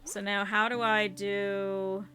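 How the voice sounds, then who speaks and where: A woman streamer with a mid-range, bright, forceful voice talks slowly and with little pitch movement. She chats to her viewers over gameplay as casual commentary, swearing freely and reacting to the game as she plays.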